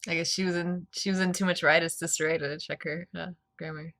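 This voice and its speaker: A woman's voice: fairly low pitch, fairly even intonation, fairly bright tone. An American woman co-hosting a casual book podcast, cracking jokes as she picks apart the writing. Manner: joking, quick with wisecracks. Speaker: podcast co-host. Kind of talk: casual book-club chat.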